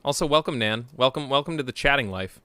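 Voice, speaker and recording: A young adult man streaming a game, chatting playfully with his viewers and breaking into sudden loud shouts. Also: mid-range voice, animated, fast, clean tone, dry recording. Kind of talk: casual live-stream chat.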